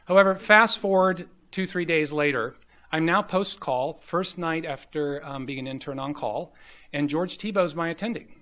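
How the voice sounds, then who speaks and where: Slightly high-voiced man telling stories. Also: moderate pace, bright, forceful tone. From American South. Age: 50s. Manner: anecdotal storyteller, frequent ums and you-knows. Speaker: grand rounds speaker. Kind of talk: medical lecture told through personal stories. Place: lecture hall.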